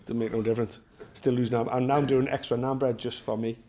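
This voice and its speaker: Fast and level, a mid-range male voice belongs to a middle-aged Geordie self-defence instructor from North East England telling rambling, joking stories during casual class talk. Background noise is audible.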